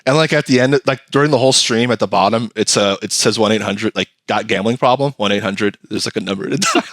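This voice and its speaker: A man's voice: lowish voice, big pitch swings, fairly quick, a bit bright, no echo. A man hosting a comedy podcast in casual chat, rambling and riffing on bits and laughing as he goes. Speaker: podcast host.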